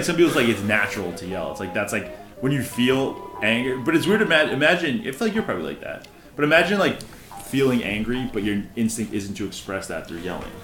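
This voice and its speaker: A man's voice: fairly low pitch, fairly bright tone, reverberant. A man co-hosting a podcast, chatting casually while playing a game, rambling and swearing with lots of fillers. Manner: rambling, profane, many fillers and restarts. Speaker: podcast co-host.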